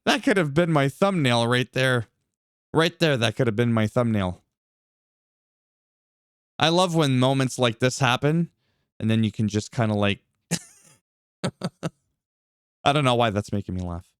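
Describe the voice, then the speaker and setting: Lively, laughing man commentating a game. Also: mid-range voice, unhurried, pauses often, clear, resonant tone, no echo, clean studio sound. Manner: laughs a lot, swears casually, animated reactions. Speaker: gameplay commentator. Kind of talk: casual gameplay commentary.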